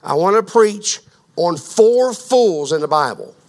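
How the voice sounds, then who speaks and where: A man preaching a sermon as pastor, asking the congregation questions and building to a fervent, loud delivery. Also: high voice, animated, unhurried. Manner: grows louder and more fervent.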